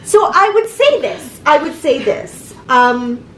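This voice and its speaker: A woman co-hosting a casual chat, talking in a chatty, animated way and often correcting herself. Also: high-pitched, slow. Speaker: co-host. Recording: echoey room, faint noise.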